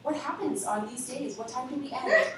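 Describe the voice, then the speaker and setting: A woman leader giving a lively spoken testimony to a congregation, acting out the conversations she recounts. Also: high voice, normal speed, over a noisy crowd. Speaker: ministry leader. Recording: echoey hall from far off.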